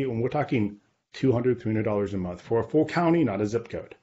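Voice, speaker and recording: A man's voice: mid-range voice, expressive, a little fast, mellow, muffled recording. Businesslike man explaining his data. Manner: confident, businesslike, frequent "right?" and "okay". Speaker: guest, real estate data company leader. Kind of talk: podcast interview, explaining.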